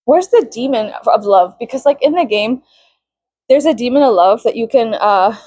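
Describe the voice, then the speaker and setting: Young woman, casual vlog rant, swears a lot, shrieks in mock outrage, higher voice, dry sound. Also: expressive, normal speed, darkish tone, no echo. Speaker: vlogger. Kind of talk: casual venting monologue.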